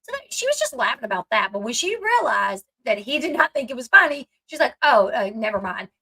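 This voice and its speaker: A woman's voice: sits high, sing-song, fairly quick, gravelly, pushed and bright, low-quality recording. A woman hosting a casual commentary recap, retelling scenes chattily and acting out what people said. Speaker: commentary channel host.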